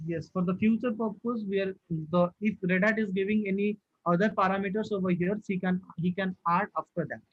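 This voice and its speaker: High-voiced man teaching a live online class. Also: steady tone, fairly quick, hardly any pauses, no room sound, phone-quality sound. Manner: asks the class questions and repeats himself. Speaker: instructor. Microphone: video call.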